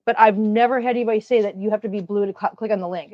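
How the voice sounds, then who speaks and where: A woman's voice: mid-range voice, fast, dry recording, muffled recording. A woman with a Minnesotan accent hosting a casual livestream, chatting with viewers and telling stories. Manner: chatty, storytelling, greets viewers warmly. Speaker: livestream host.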